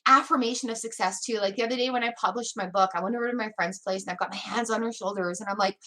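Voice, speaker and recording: A woman's voice: on the high side, a little fast, hardly any pauses, pushed and bright. A woman giving a live tarot reading, chatting casually and laughing often. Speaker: tarot reader.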